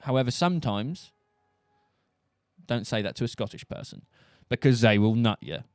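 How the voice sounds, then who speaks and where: This streamer is a young man from Buckinghamshire, England, whose Southern English accent carries a mid-range, expressive voice at a moderate pace. He rambles and cracks jokes in a relaxed monologue, captured in a clean studio recording with no echo.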